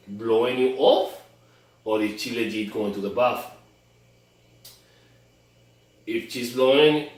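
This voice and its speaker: Guy giving dating tips, keeps repeating himself, far from the mic, super echoey. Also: lowish voice. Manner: emphatic, repeats and restarts words. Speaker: dating coach. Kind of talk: instructional monologue.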